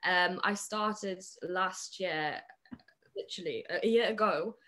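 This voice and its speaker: Slow, hesitant young Polish woman. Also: on the low side, a bit bright. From Poland. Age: young adult. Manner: hesitant, many fillers and restarts, laughs often. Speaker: guest. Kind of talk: casual podcast chat.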